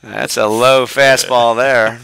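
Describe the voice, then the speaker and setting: A man calling a high school baseball game play by play from the press box, brisk and chatty. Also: fairly even intonation, creaky, sharp tone, smooth. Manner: brisk, chatty, laughs with partner. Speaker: play-by-play announcer. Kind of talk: live baseball play-by-play commentary.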